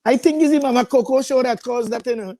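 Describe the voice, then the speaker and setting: A woman hosts a casual live talk show with a warm, mellow tone and a fairly high voice. She chats and teases freely and keeps cutting in over her co-host. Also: fast talker. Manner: chatty, teasing, talks over her guest.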